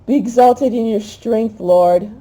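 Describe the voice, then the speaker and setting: A woman hosting a spiritual talk, reading a prayer aloud in an emotional, halting way. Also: fairly high pitch, mellow, poor audio. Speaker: host.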